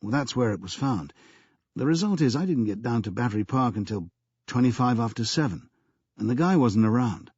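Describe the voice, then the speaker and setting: Man reading a jittery young businessman, hesitant, husky, dry and dull sound. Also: mid-range voice, expressive, fairly quick, a little mellow, no room sound. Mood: explaining. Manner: hesitant, stumbling answers. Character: young male tech tycoon, nervous and evasive.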